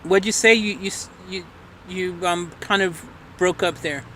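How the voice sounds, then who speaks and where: Casting: livestream host, man, high and bright voice, loose rambling chat, playful. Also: steady tone, unhurried, slight background noise.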